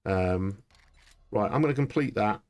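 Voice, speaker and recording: A man, chatting excitably and thinking aloud during live gameplay commentary. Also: fairly low pitch, a little slow. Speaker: streamer.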